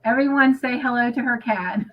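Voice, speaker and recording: A woman's voice: on the high side, normal speed, a little hiss or hum. A woman co-hosting a crafting livestream, chatting casually and emotionally with lots of "you know" fillers, reading out viewer comments. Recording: muffled lo-fi stream audio.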